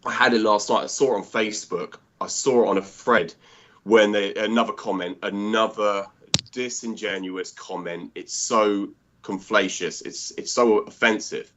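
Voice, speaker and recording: A man with a fairly low voice co-hosts a casual chat. He talks at length in an earnest, rambling way and keeps circling back with restarts. His audio sounds muffled and lo-fi. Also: fairly even intonation, moderate pace, fairly bright tone. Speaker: podcast co-host. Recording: dull lo-fi audio.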